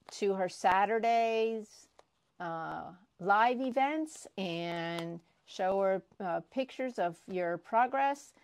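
Slow-talking excitable woman unboxing prizes. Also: mid-range voice, no echo. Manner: gushing, excitable, repeats herself. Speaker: crafting vlogger. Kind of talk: casual unboxing vlog.

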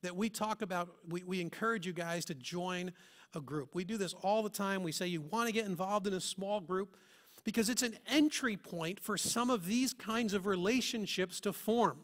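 Speaking at a normal speed, a male pastor delivers a church sermon in a high, bright voice. He drives his message home with earnest rhetorical questions.

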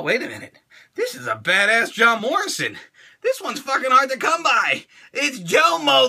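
Toy show host, middle-aged man, high and lively, loud and crude, keeps dropping into silly voices. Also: slightly rough. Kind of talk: unboxing fan mail.

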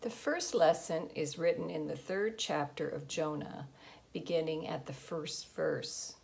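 Woman reading the bible lesson, low gravelly voice, steady. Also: a little slow. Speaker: lector. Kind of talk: scripture reading.

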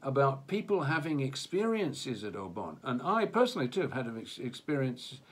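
A man's voice: mid-range voice, very animated, moderate pace, slightly rough. A man co-hosting a casual talk on religion, speaking hesitantly with many restarts and fillers. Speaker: co-host of religion discussion. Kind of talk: casual discussion. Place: Japan.

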